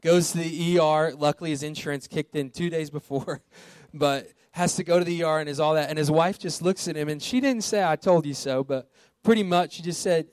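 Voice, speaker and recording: Conversational man preaching, fairly high voice. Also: fairly quick, hardly any pauses, no room sound. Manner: conversational preaching with rhetorical questions. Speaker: pastor. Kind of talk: sermon.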